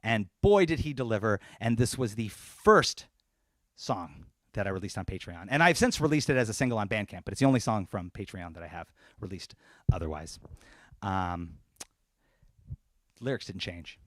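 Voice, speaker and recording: A man's voice: fairly low pitch, expressive, moderate pace, pauses often, no room sound, clean studio sound. A man talking casually between songs at a live-streamed concert in his apartment, then rapping with a punchy, rhythmic delivery. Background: loud hip hop beat.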